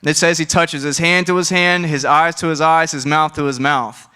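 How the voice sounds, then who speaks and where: Man preaching, fairly high voice, crisp and smooth, easygoing talky sermon. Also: steady tone, moderate pace, bright, forceful tone. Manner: casual, conversational preaching with restarts and asides.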